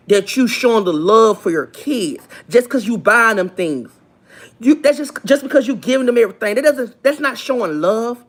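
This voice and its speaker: Preachy high-voiced woman ranting on a livestream. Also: fairly bright tone. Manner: preachy, repetitive, emphatic, asks for amens. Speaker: livestream gossip host. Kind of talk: livestream commentary.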